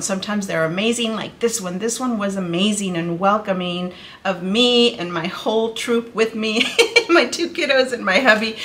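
A woman's voice: mid-range voice, a bit bright. A woman in her thirties chatting casually to her viewers as a knitting vlogger, gushing and bubbly, calling them "you guys".

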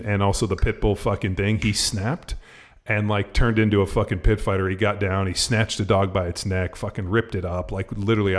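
Guy co-hosting a podcast, kinda low voice, loose and sweary, lots of uh and like. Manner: rambling, swears a lot, many fillers. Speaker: podcast co-host. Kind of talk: casual podcast chat.

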